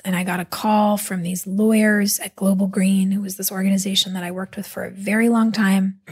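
A woman guest in a casual interview, telling stories animatedly with quick asides. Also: medium pitch, flat delivery, breathy edge. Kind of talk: casual conversational storytelling.

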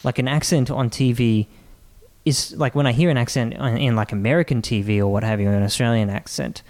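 A man's voice: medium pitch, fairly even intonation, a little mellow. Hesitant man chatting on a podcast. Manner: halting, searching for words, frequent restarts. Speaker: podcast co-host. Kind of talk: casual chat.

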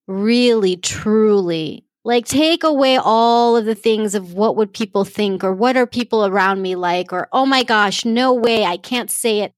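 Woman, high voice, motivational podcast host, emphatic, repeats herself, dry close sound. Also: dry recording. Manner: emphatic, repeats phrases, direct address.

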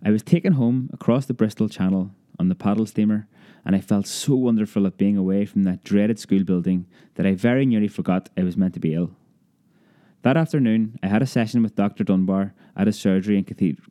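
A man reading a childhood memoir aloud as an audiobook, lively storytelling that raises his pitch for a child's cries. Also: fairly quick. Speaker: narrator.

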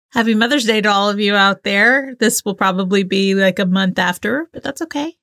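A woman co-hosting a podcast, chatting casually and giggling often. Her voice is bright and forward. She keeps the talk loose and friendly. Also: medium pitch, normal speed. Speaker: podcast co-host. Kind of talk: casual chat.

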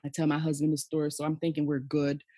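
A woman's voice: deep voice, monotone, quick pace, dark tone, no room sound. A woman in her forties, a podcast guest, telling her personal story frankly and emphatically, often tagging lines with "okay?" and "you know". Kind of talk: candid personal storytelling in conversation.

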